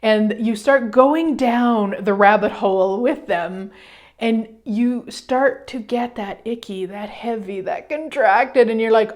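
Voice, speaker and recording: Lively woman doing a self-help radio talk, kinda high voice, swears casually and acts out little voices. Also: slow. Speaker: radio show host.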